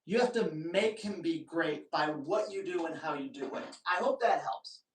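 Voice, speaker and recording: A man's voice: a little high, moderate pace. A man hosting a live dog training Q&A, giving blunt, emphatic advice in short, punchy commands. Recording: roomy, distant from the mic.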